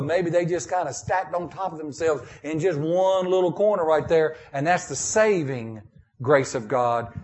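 Preacher man, dynamic delivery. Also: a little high. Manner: preaching with rising and falling intensity, dropping to a hushed prayer. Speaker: pastor. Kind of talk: sermon.

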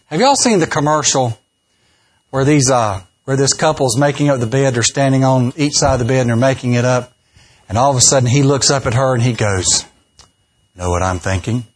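A man's voice: medium pitch, a little fast. A man, a pastor telling jokes and folksy stories in a sermon. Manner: folksy, joking, acts out quoted voices. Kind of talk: humorous sermon storytelling.

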